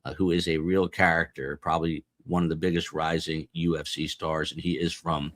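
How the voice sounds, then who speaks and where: Low-voiced man chatting on a live stream. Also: little pitch movement, normal speed, background noise. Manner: rambling, jokey, reading out viewer locations. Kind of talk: casual live-stream chat. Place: small office beside a studio.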